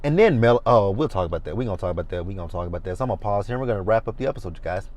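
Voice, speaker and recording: A man giving a sassy, animated, swearing commentary on a reality TV episode. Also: on the low side, rapid-fire. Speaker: reality TV reviewer. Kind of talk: casual commentary.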